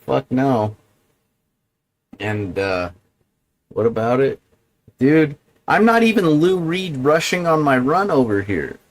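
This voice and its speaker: A man's voice: mid-range voice, sing-song, slow, pauses often, rough recording. A man hosting a livestream, talking alone in a meandering, profane monologue full of digressions. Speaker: livestream host. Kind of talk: rambling solo livestream monologue.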